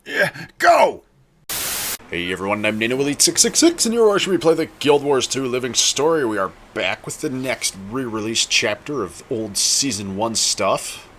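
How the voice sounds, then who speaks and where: A man's voice: medium pitch, very animated, normal speed, few pauses, a bit bright, slight background noise. A man casually commenting while he plays a game, rambling and chatty. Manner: rambling, chatty, self-correcting. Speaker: gameplay video host.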